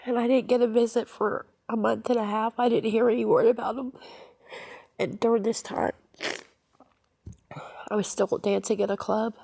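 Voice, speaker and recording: A woman giving a personal testimony, halting, with many fillers and restarts. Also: on the high side, level tone, creaky, mellow. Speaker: testimony speaker.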